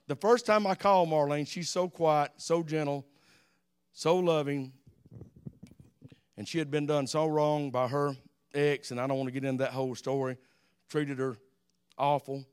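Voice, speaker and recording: Older southern preacher from alabama, kinda high voice, smooth, says amen a lot. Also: male voice, a little slow, pauses often. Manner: folksy, repeats amen, animated storytelling. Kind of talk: sermon.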